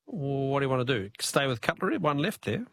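Man, Australian accent, radio quiz host, jovial, chuckling, very lively pitch. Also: brisk, creaky, slight background noise.

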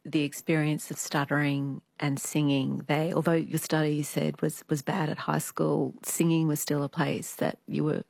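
A middle-aged woman with a very deep voice and a gravelly edge leads an interview. She asks curious, open questions. The recording is dry and close. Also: little pitch movement, normal speed, few pauses, darkish tone, no room sound. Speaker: interviewer, host.

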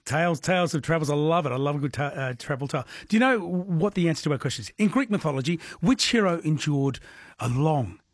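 A man's voice: fairly high pitch, animated, quick pace, no echo, clean studio sound. A man hosting an overnight radio quiz in a chatty way, laughing often with callers. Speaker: radio host.

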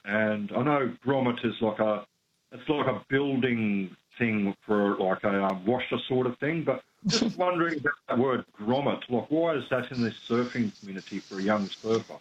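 A man's voice: medium pitch, moderate pace, slight background noise. An Australian man calling in to a radio show, asking his question in a hesitant, rambling way. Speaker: caller. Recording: dull phone-line call.

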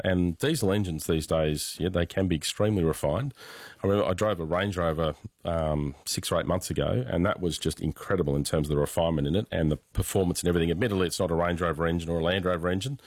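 A man answering listener questions about cars on a radio call-in show, measured and explanatory, with many fillers. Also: low-pitched, no echo, studio quality. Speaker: motoring expert on radio.

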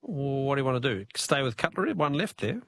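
A man's voice: medium pitch, very animated, a little fast, a bit bright, no echo. A man with an Australian accent hosting a casual talkback radio quiz, chuckling as he reads out listener messages.

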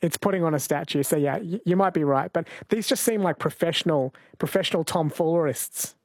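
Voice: medium pitch, a little fast, dry recording. A host in a casual conversation, asking curious follow-up questions. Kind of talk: casual radio-style conversation.

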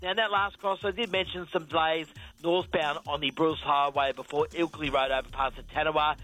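A man's voice: a little high, fairly quick, low-quality recording. A man with an Australian accent reading a radio traffic report, then chatting casually with the host. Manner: steady rundown with hesitant fillers.

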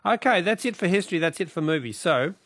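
A man's voice: high-pitched, animated, quick pace, fairly bright tone, no room sound. A man with an Australian accent hosting a radio call-in quiz, chatting with callers and reading out the questions. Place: radio studio.

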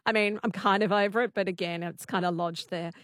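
A woman's voice: medium pitch, steady tone, a little fast, fairly bright tone, no room sound, clean studio sound. A woman hosting a talkback radio quiz, laughing often as she chats with callers. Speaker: radio host.

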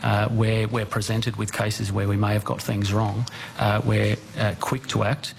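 Hesitant man, gravelly and flat. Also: on the low side, unhurried, a little hiss or hum, rough recording. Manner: hesitant, lots of "uh"s. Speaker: gambling industry spokesman. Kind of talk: testimony at a Senate hearing.

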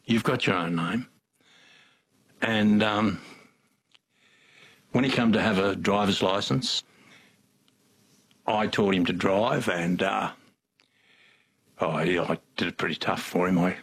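This is an older man with an Australian accent, spinning folksy, rambling yarns in an interview. His voice sits a little low and has a husky edge, and he doubles back and restarts his sentences as he goes. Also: steady tone, slow pace, long pauses. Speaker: interview guest. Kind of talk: casual storytelling.

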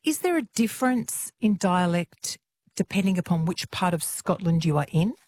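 A woman's voice: on the low side, lively intonation, normal speed, a little mellow, dry recording. A woman hosting a radio interview, asking curious questions and introducing a clip and a caller. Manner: curious, conversational. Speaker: radio host.

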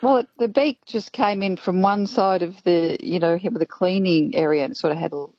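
A woman calling in to a radio show, telling a story in a chatty, animated way. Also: lowish voice, moderate pace, no room sound, muffled recording. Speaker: caller. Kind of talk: phone-in storytelling.

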